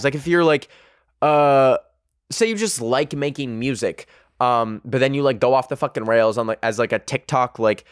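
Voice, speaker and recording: A man's voice: medium pitch, dry recording. Guy ranting on his podcast, swears constantly, lots of likes and ums, dry sound. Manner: profane, animated, rambling with many fillers. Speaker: podcast host. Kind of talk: casual opinion rant.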